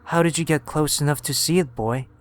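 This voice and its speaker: A bitter old woman full of grief, her voice hushed and slow, then sharpening into accusation, as a male narrator puts her on. The tone is smooth and clear, pitched a little above his own. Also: natural voice. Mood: accusing. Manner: quiet and slow, then screaming. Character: fierce grieving old woman, bitter and wild.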